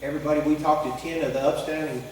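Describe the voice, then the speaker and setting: A middle-aged man, a pastor telling a story in his sermon in a folksy, animated way, quoting voices as he goes. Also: on the high side, fast talker, slight background noise. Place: church sanctuary. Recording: echoey hall, from far off.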